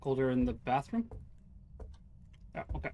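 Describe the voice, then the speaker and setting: A man's voice: medium pitch, big pitch swings, moderate pace, lo-fi sound, slight background noise. A middle-aged man streaming a ghost-hunting game live, chatting casually and playfully calling out to the ghost over and over. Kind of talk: casual live gameplay chat.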